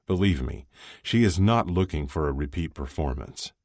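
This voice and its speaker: A man's voice: rumbling low, animated, normal speed, a little mellow, no room sound, studio quality. A man voicing a cheerful young male hockey player who teases his friend. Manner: teasing, laughing easily.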